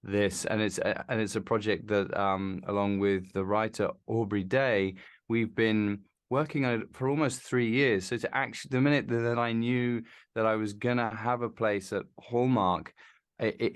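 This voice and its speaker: A man talking as an actor and co-creator in an interview, earnest and halting, often restarting his sentences. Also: fairly low pitch, clear, resonant tone. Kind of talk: casual interview chat.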